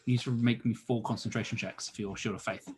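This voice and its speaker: A man's voice: medium pitch, fairly even intonation, quick pace, darkish tone, slight background noise. A young man with dry, teasing humor, narrating as dungeon master of a tabletop game.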